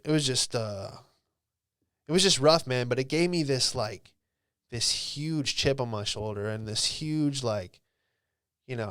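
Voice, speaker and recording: A young man hosting a podcast, telling a personal story in a rambling, profane way full of "bro" and "dude", sometimes dropping to a hush. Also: mid-range voice, clear, resonant tone, no room sound, clean studio sound. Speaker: podcast host. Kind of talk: casual storytelling monologue.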